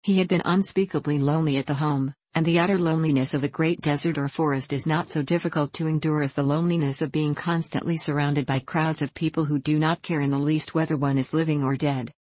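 A woman reading a novel aloud as narrator at a measured, steady pace. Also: low-pitched, dry recording. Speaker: audiobook narrator. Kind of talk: scripted narration.

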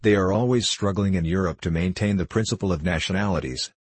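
A man's voice: sits low, fast, breathy edge, dry recording. A man reading the part of a gloomy, resigned old army colonel. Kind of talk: audiobook character reading.

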